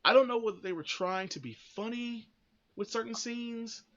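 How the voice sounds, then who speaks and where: A man with a very high, fairly bright voice hosts a podcast at normal speed over lo-fi audio. His commentary is blunt and opinionated, rambling along with frequent restarts and plenty of swearing.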